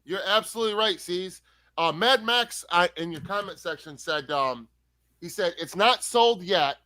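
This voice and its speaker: A man's voice: high voice, normal speed, bright, forceful tone, dry recording. A man co-hosting a livestream chat, exasperated and openly swearing, calling people bro. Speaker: co-host. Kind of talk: heated casual chat.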